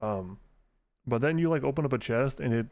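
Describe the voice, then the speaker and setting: Swearing, animated male game streamer. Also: medium pitch, fairly quick. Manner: animated, exasperated ranting with frequent swearing; mutters menu choices under his breath while playing. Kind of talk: casual live-stream gameplay commentary.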